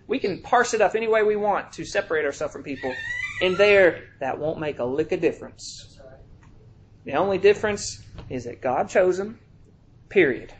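A man preaching a sermon in a conversational way, checking in with his listeners and reading scripture slowly with heavy emphasis. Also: sits high, a little hiss or hum. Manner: reads scripture aloud in slow, drawn-out emphasis; conversational, checks in with "all right?".

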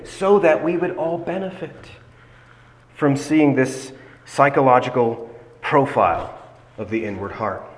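A man delivers an expository sermon in a deliberate, emphatic way, drawing out key phrases slowly. His voice sits at a middling pitch. The sound carries a long reverb from a large hall. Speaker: preacher.

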